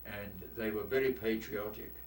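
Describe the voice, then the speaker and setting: A man's voice: lowish voice, fairly even intonation, moderate pace, recorded from a distance. An old man with a London accent tells war stories bluntly, with a salty turn of phrase. He sits some way from the mic in an echoey room, with a faint hiss underneath. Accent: London English. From London, England. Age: 80s. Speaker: war veteran interviewee. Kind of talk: oral history storytelling.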